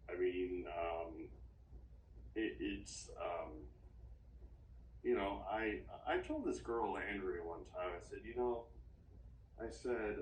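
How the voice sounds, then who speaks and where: A man talking in a therapy session, halting and rambling with frequent restarts, recorded from a distance in an echoey room. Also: sits low, lively intonation, slight background noise. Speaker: therapy client. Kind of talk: casual session talk. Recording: echoey room, distant mic, faint ambience.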